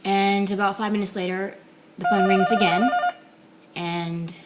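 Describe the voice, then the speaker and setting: A woman talking softly and casually to camera in a home video blog, with frequent ums and pauses. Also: mid-range voice, fairly even intonation, background noise. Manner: soft-spoken, many ums and pauses. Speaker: vlogger. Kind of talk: casual reflective talk to camera.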